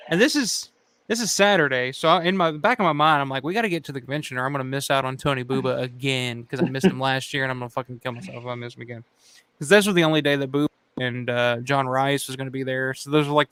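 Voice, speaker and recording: Smooth-voiced man telling a casual story. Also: mid-range voice, a bit bright, no echo. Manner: swears freely, laughs often, acts out quotes. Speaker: channel host.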